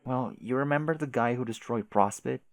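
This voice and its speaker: A man doing a patient companion, hushed and coaxing, steady under strain, read aloud from a comic. The voice stays gentle and low-key while urging her on. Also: a little fast, vocal fry, dry recording, close to an everyday voice.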